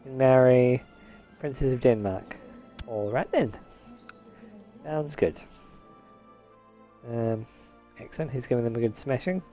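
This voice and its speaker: A man's voice: mid-range voice, unhurried, long pauses, dark tone, highs cut off, faint music behind. A man giving casual gameplay commentary, musing to himself and half-distracted, now and then slipping into a mock posh put-on. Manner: dabbles in a mock posh old-English put-on. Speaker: game let's-player.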